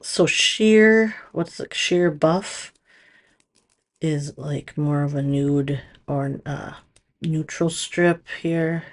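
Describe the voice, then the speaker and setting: A woman's voice: sits low, fairly even intonation, drawn-out words. A woman casually demonstrating nail strips, chatty and thinking aloud as she works. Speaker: nail product stylist. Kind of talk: casual product demo.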